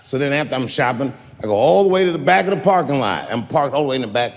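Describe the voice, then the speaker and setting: A man doing stand-up storytelling, conversational and animated, swinging between low asides and loud punchlines. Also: fast talker. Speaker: stand-up comedian. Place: live theater on stage. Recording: long hall reverb, faint noise.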